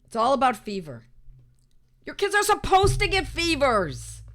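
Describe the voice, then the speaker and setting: A high-pitched woman with a very lively, swooping delivery, speaking slowly and emphatically to her audience. She's middle-aged and talks in a casual monologue, breaking into exasperated mock-quotes. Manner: emphatic, mock-quoting others, exasperated asides. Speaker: host.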